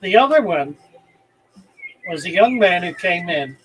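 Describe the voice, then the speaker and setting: Older man, high voice, slow deliberate storytelling, emphatic, faint birds behind. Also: big pitch swings, a bit bright, slight background noise, low-quality recording. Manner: deliberate, emphatic retelling with heartfelt pauses. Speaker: channel host. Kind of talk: storytelling anecdote.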